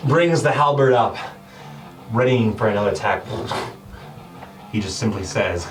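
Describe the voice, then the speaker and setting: A man's voice: on the low side, expressive, measured pace, pauses often. A man narrating as game master of a tabletop game, describing the action with many fillers and small laughs. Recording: distant mic with background music.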